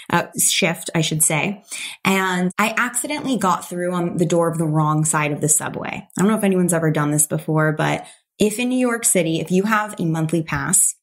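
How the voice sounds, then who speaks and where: A middle-aged woman as a podcast guest, telling a personal story with animation and acting out the voices of the people in it. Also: lowish voice. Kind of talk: storytelling in an interview.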